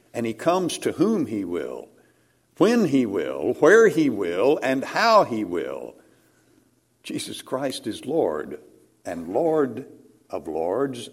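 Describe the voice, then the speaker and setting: A man preaching a sermon, dramatic, rising to loud climaxes and dropping to hushed near-whispers, with slow, emphatic phrasing. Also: medium pitch, breathy edge.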